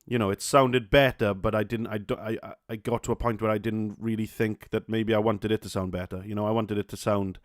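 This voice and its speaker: A man's voice: fairly low pitch, level tone, fairly quick, few pauses, dry recording, studio quality. A young man with a Welsh accent hosting a solo podcast, talking casually with many fillers, restarts and swear words. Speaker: podcast host.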